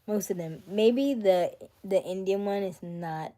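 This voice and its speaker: Chatty and at a measured pace, this young livestream host reads out viewer comments in a warm, mid-range voice. It's a casual live chat, and at times she slips into a whisper.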